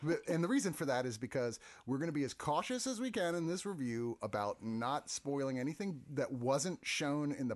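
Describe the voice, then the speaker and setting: A man reviewing a film in casual podcast chat, laughing often and making playful asides. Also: medium pitch.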